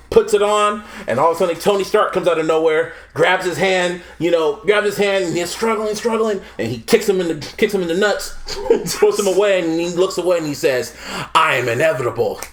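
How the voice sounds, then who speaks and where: A man on a podcast, excitedly retelling a movie with laughs and swearing and acting out quotes. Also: high-pitched, brisk, slight background noise. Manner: animated, laughs often, swears a lot, acts out quotes. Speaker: podcast co-host. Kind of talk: casual chat, retelling a movie.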